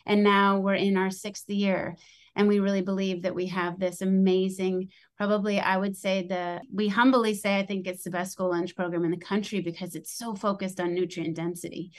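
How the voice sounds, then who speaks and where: A middle-aged American woman, a podcast guest who founded a school lunch program, tells a long story in a casual interview. Chatty and lively at a moderate pace, her voice sits in an ordinary middle range, rising in pitch as she acts out the people in her tale.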